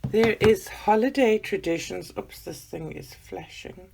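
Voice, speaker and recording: A woman chatting excitedly as she unboxes gifts for her vlog, gushing and gasping with delight. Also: medium pitch, a little slow, gravelly, noisy background.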